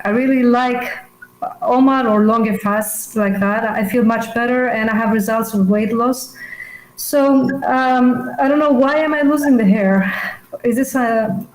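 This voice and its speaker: A woman's voice: fairly high pitch, reverberant, poor audio. A woman calling in to a live show, asking a question in a hesitant, polite way over a call line. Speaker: caller.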